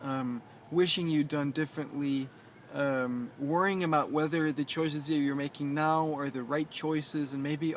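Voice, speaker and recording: A man coaching in a casual vlog from an outdoor rooftop, talking in a hesitant, reflective way full of ums and restarts, gently reassuring. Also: fairly high pitch, fairly even intonation, moderate pace, slight background noise. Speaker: life coach.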